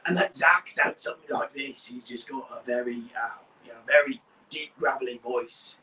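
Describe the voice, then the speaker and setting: A man's voice: medium pitch, moderate pace, sharp tone, far from the mic, slight background noise, low-quality recording. Rambling young man, off-mic. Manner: rambling, many fillers and restarts. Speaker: model-building video host. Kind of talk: casual chat.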